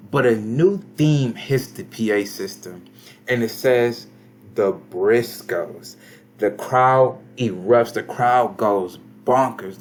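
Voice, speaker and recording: A man's voice: fairly low pitch, a little hiss or hum. A young man giving casual, slangy commentary on a wrestling management game, reading out match ratings. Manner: laid-back, slangy, reads scores aloud. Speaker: gaming commentator.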